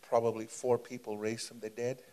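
Brief: male preacher, fervent testimony, halting and repetitive, average pitch. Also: flat delivery, dark tone, slight background noise. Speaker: preacher, guest. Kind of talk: testimony storytelling.

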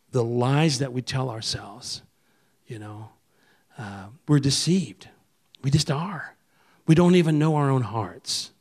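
Gravelly-voiced man preaching conversationally. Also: medium pitch, darkish tone. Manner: conversational, acts out quoted voices. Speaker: pastor. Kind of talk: sermon.

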